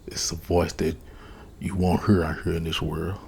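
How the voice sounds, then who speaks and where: A man with a very breathy, soft voice, slowly telling a personal testimony as ASMR. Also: low voice, flat delivery, slight background noise. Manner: slow, hushed, earnest retelling. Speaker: storyteller.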